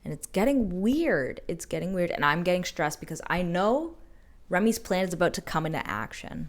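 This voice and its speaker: Playful woman recapping a book, low-ish voice. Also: moderate pace. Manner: playful, animated, dramatic asides. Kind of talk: casual storytelling recap.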